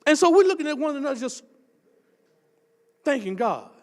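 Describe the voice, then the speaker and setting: An older man, preaching a testimony sermon as associate pastor and telling a story that builds up into shouting. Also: very high voice, moderate pace, big-room sound. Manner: animated storytelling, swells into shouting.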